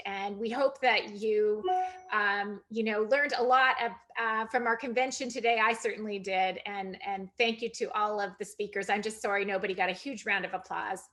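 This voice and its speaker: A woman, a county party chair, thanking everyone and closing a virtual meeting, chatty and grateful. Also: fairly high pitch. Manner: warm thanks, chatty with fillers. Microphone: video call.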